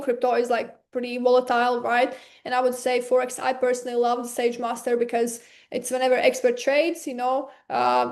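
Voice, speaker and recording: A woman presenter with a non-native accent, pitching packages in an eager, persuasive way over a webinar. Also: darkish tone. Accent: non-native English. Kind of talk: sales pitch.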